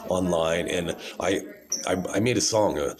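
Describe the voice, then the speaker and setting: A man's voice: deep voice, measured pace, crowd noise. A man in his forties talking alone to a phone camera in a rambling monologue, often tagging his points with "right?".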